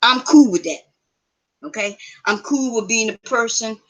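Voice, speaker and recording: A woman's voice: fairly high pitch, a little slow, a bit bright, rough recording. A middle-aged woman hosting a live show, chatting casually and bluntly with viewers, swearing now and then. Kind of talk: casual live-stream chat.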